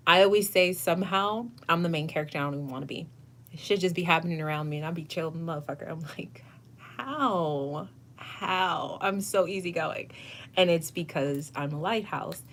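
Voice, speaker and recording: A woman's voice: deep voice, quick pace. A woman hosting a casual tarot livestream, answering viewers in an effusive, gushing way, laughing often and swearing now and then. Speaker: tarot reader and channel host.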